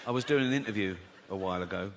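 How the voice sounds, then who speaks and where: A man's voice: on the low side, rapid-fire. A man doing stand-up comedy, telling chatty stories and chuckling at his own jokes. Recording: long hall reverb, faint noise.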